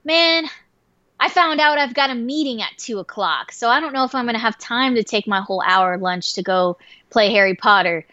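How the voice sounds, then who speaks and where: A woman doing a gushing, excitable coworker. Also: a little high, normal speed, dry recording, highs cut off. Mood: breathless. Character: excitable woman coworker, eager game fan.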